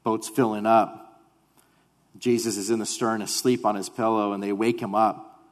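A man preaching a sermon as pastor, animated at times and then dropping to quiet, weighty emphasis. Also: on the low side, moderate pace. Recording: long hall reverb.

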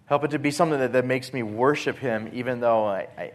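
A man preaching a sermon, earnest, swinging between forceful emphasis and hushed softness, often repeating words as he restarts phrases. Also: medium pitch, fast talker. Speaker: pastor.

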